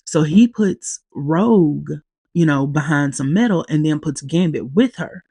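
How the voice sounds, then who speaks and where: A woman hosting a podcast, casually recapping a TV episode, speaking haltingly with long pauses as she grows teary-eyed. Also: low voice, expressive, dark tone, husky, no echo. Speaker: podcast host.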